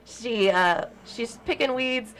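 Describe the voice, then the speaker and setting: A woman's voice: fairly high pitch, takes it slowly, a bit bright, poor audio. A young woman, a guest on a comedy talk show, chatting in an upbeat way with plenty of fillers. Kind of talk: casual chat.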